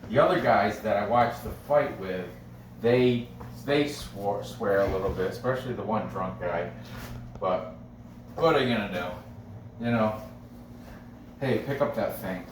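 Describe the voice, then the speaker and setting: A man's voice: on the low side, measured pace, pauses often. A man hosting a casual sports betting picks video, chatty and self-correcting, often breaking into laughs. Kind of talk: casual rambling commentary. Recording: roomy, from a distance, faint background noise.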